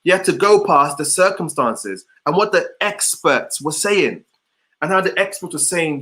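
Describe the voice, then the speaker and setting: A man's voice: on the high side, expressive, moderate pace, sharp tone. A man giving an online motivational session over a video call, repeating rhetorical questions to his audience. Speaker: motivational speaker.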